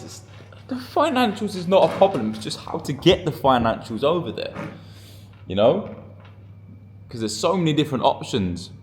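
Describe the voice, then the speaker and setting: A man from the UK, a gold trader and trading mentor, talking casually to camera in an excitable, slangy way and swearing freely. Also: mid-range voice. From United Kingdom. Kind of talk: casual vlog talk to camera. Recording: noisy background.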